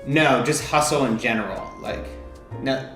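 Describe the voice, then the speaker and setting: Calm, measured man narrating a vlog. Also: medium pitch, faint music behind. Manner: calm, measured and even-toned. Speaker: vlogger.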